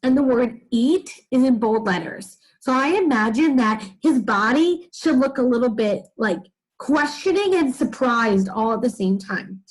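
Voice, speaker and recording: A woman teacher talks young children through a reading lesson, giving steady encouragement and addressing them directly. Her voice sits fairly high for a woman and has a husky, breathy texture. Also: measured pace, low-quality recording.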